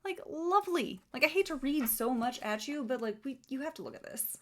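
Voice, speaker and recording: A woman's voice: high-pitched, a little fast. A young woman reviewing a book she dislikes, sarcastic and exasperated, often reading passages aloud.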